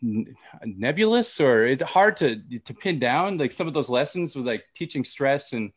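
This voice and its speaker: A man co-hosting a casual teaching podcast, talking in halting restarts and fillers as he thinks aloud. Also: mid-range voice, expressive. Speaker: podcast co-host, English teacher.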